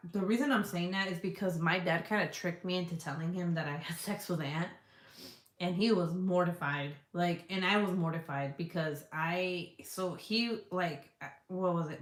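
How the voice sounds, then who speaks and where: A middle-aged woman chatting casually as she reads viewer comments aloud, swearing freely and filling her talk with "like". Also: fairly low pitch. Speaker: vlogger reading viewer comments. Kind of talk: casual chat. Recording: echoey room.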